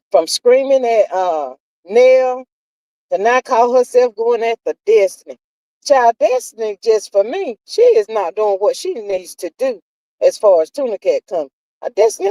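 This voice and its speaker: A woman's voice: high voice, dark tone, no room sound, rough recording. A woman, hosting a live stream and gossiping casually with viewers, sassy and drawling, calling everyone child and honey. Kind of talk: casual gossip chat reading viewer comments.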